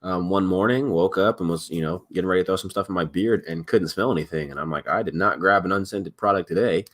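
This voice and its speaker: A man's voice: low-pitched, fast talker. A young man chatting casually on a livestream, rambling with many fillers.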